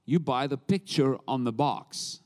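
South African preacher in a reverberant hall. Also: male voice, medium pitch. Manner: warm-up banter, humorous, unhurried. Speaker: visiting preacher. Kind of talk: sermon.

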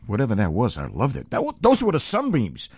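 Older radio host with lively pitch. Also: male voice, brisk, slightly rough, no echo, studio quality, soft background music. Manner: lively, rambling, filler-heavy. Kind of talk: casual radio chat between records. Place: radio studio.

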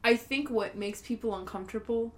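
A woman's voice: fairly high pitch, fairly quick. A woman co-hosting a podcast in casual chat, thoughtful and searching for her words. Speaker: podcast co-host.

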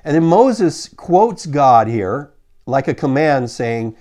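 A middle-aged man preaching a sermon as pastor, measured and slowing down to read scripture aloud. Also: mid-range voice, very animated, darkish tone.

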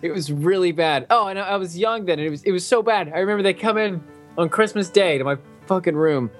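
A man's voice: high voice, fast talker, faint music behind. A young man on a casual podcast, rambling through a profane story and laughing often. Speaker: podcast co-host. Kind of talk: casual chat.

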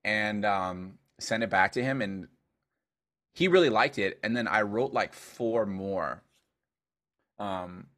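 A man, a dubstep producer as a guest, chatting casually and telling animated stories with lots of fillers and swearing. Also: on the low side, takes it slowly, long pauses. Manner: animated storyteller, heavy filler use, swears. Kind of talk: casual interview chat.

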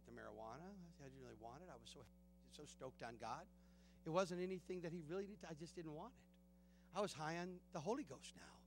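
A man with a Southern US accent preaching a sermon in a church, telling personal stories, swinging from hushed tones to loud bursts and laughing often. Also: high voice. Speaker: guest preaching pastor. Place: church sanctuary.

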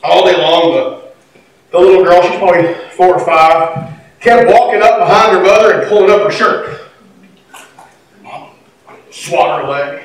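Folksy pastor in an echoey church. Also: male voice, high voice, unhurried, pauses often. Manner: folksy, conversational storyteller. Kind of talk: sermon. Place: church sanctuary. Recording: echoey church from a distant mic.

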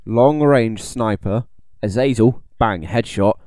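A man's voice: lowish voice, takes it slowly, mellow, no echo, studio quality. A man co-hosting a casual podcast chat, brash and argumentative and swearing a lot. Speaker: podcast co-host.

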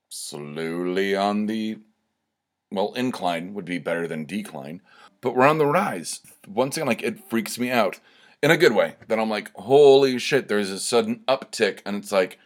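A man hosting his own podcast, chatting casually in a rambling, profane way with many fillers and restarts. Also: on the low side. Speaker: podcast host. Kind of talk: casual solo podcast chat.

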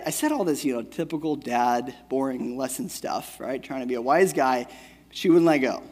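A man's voice: mid-range voice, normal speed, darkish tone. A man in his thirties preaching a sermon in a casual, conversational way, often checking in with "right?" and telling a family story. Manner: conversational, keeps asking "right?". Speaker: pastor. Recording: long hall reverb.

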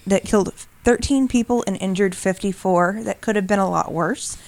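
A woman's voice: medium pitch, moderate pace, gravelly, a little mellow. A woman co-hosting a podcast, explaining in casual chat with many restarts and fillers. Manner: rambling, frequent restarts and fillers. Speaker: podcast co-host.

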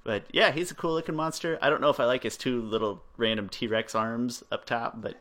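A man's voice: medium pitch, fairly even intonation, a little fast, fairly bright tone. A man chatting casually as a podcast co-host, who goes off on tangents. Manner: goes off on tangents, acts out quotes. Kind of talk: casual chat.

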